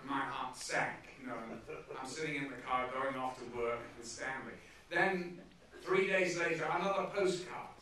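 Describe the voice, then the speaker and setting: A man's voice: medium pitch, moderate pace, a little hiss or hum. A man telling anecdotes onstage as a guest at a film screening, acting out the people in his stories. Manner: animated storyteller acting out quotes. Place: large theatre hall. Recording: echoey theatre from far off.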